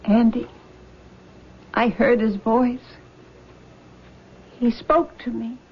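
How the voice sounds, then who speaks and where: A woman's voice: a little high, level tone, drawn-out words, husky, full character voice. An actress playing a distraught young woman in a 1970s radio drama, tense and accusing, close to sobbing. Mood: dazed. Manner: tense, accusing, breaking into sobs. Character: distraught young woman haunted by her lost love. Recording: dull lo-fi old radio recording.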